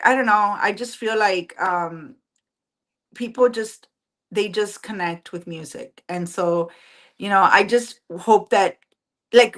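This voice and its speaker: A woman guest, singer and police officer, chatting casually, animated and full of fillers. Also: mid-range voice. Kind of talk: casual interview chat.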